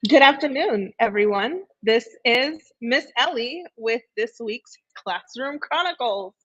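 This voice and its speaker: A bright, lively woman tells classroom stories in a chatty live-stream style and laughs easily. The sound is dry and a little dull, like lo-fi audio with no room echo. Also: a little high, a little slow, breathy edge. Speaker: teacher segment host. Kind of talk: casual live-stream storytelling.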